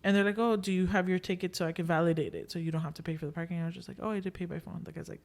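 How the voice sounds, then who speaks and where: A woman's voice: on the low side, rapid-fire, creaky. A young woman hosting a podcast, telling a story in casual chat, acting out what people said and slipping in Spanish filler phrases. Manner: lively retelling, acting out quoted dialogue. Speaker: podcast host.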